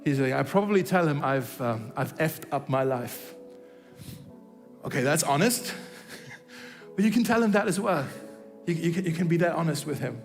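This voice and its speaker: A man's voice: fairly high pitch, expressive, moderate pace, long reverb tail, faint music behind. A man preaching a sermon, telling a story and acting out its dialogue, with frequent restarts. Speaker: pastor. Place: church hall.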